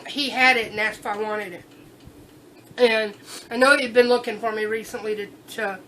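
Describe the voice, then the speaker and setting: Bright-voiced high woman vlogging, unhurried. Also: a little hiss or hum, low-quality recording. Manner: chatty, gushing, thinks aloud with fillers and restarts. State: tipsy. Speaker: vlogger showing a haul. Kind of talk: casual vlog chat.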